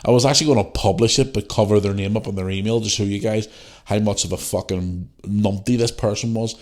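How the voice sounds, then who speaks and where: This is a casual solo podcast, hosted by an adult parent whose voice sits on the low side, with a steady, darkish tone and a brisk pace. He rants bluntly and swears freely.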